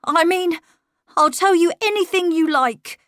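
A woman's voice: very high voice, unhurried, fairly bright tone, dry recording, clean studio sound, voice pushed up. A woman reading a storybook and voicing a young boy who is brave but secretive, speaking earnestly. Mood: pleading.

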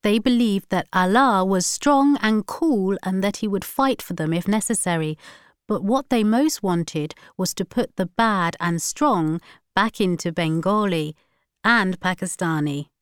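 A woman narrating a novel chapter in a measured, even reading. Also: mid-range voice, clear, resonant tone, no echo, studio quality. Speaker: audiobook narrator. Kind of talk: scripted narration.

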